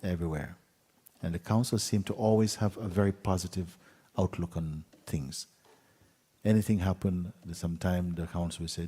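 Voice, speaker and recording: A man, a spiritual teacher, telling a fable to an audience in an unhurried way, with pauses, sometimes dropping to a hushed whisper. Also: low voice, steady tone, slightly rough, big-room sound. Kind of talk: storytelling talk to an audience.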